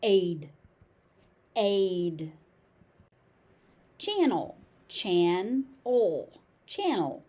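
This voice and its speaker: American lady teaching pronunciation, super slow and careful, breaks words into syllables. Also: medium pitch, expressive, warm tone. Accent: General American. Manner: repeats each word slowly, syllable by syllable. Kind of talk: slow, deliberate pronunciation lesson.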